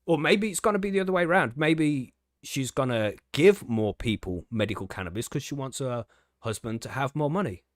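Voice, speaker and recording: A man's voice: medium pitch, expressive, brisk, no echo, studio quality. A man hosting a podcast, reading an article aloud and ranting about it with sarcastic, sweary indignation. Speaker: podcast host. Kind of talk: casual ranting commentary.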